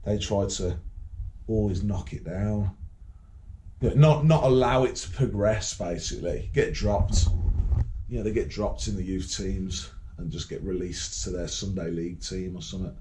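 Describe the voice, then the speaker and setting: A man's voice: low voice, normal speed, warm tone, slight background noise. A man from Birmingham with a Birmingham accent, talking in a rambling, profane and combative monologue that repeats words and restarts often. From Birmingham, England. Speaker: vlogger. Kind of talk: casual to-camera monologue.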